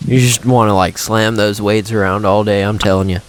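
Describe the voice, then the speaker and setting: A man's voice: lowish voice, steady tone, a little fast. A young man co-hosting a podcast, teasing in casual chat and earnest when giving advice. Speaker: podcast co-host.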